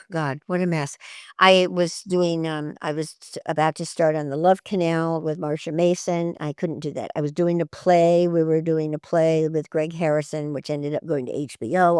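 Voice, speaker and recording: An older woman with a lowish voice recounts her stories in a lively interview. She laughs easily and slips into the voices of the people she describes. The recording is close and dry. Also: no echo. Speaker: interview guest, actress. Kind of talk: anecdotal interview storytelling.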